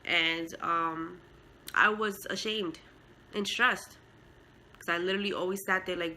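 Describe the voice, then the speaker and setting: Heartfelt bright-voiced mother vlogging. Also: lowish voice, steady tone, unhurried, pauses often, a little hiss or hum, poor audio. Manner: heartfelt, emotional, with many fillers. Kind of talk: casual storytelling vlog.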